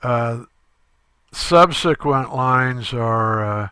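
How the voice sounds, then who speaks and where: A male instructor talking through a screen-recorded tutorial step by step, halting often with fillers. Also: mid-range voice, pushed and bright, smooth, dry recording.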